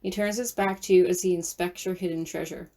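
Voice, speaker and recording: A woman reading a second-person fan-fiction story aloud as narrator, in a steady, even storytelling manner. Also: fairly low pitch, brisk. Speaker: audiobook narrator.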